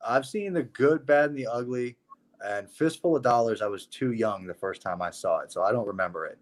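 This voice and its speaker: A man's voice: mid-range voice, a little fast. Laid-back, swearing man in casual chat. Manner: laid-back, profane, agreeable.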